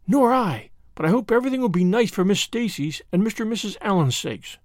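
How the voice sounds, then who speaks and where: A man's voice: high voice, expressive, brisk, no echo, studio quality. A man voicing an imaginative young girl who talks earnestly and expressively. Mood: listless.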